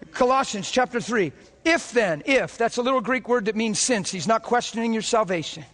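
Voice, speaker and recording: A man preaches from the pulpit with a high, ringing voice. He drives his points home in rapid bursts that swell toward near-shouting peaks. The sound carries the air of a church sanctuary. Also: in a large hall. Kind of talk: sermon.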